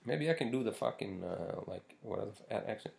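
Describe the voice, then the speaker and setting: A man hosts a casual solo podcast in a low, gravelly voice. He rambles and curses freely, with plenty of fillers and restarts. His pitch rises and falls in a lively way as he talks. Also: fairly quick. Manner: rambling, profane, many fillers. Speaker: podcast host.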